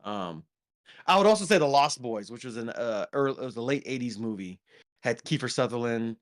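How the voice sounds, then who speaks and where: During a casual movie review chat, a man co-hosting a podcast speaks at normal speed with a medium pitch and lively intonation. His talk wanders, with frequent ums and restarts.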